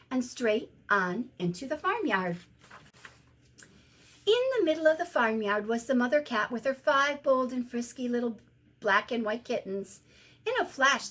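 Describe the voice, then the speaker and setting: A middle-aged woman, a teacher, reading a children's picture book aloud in an expressive sing-song way. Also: high voice, husky.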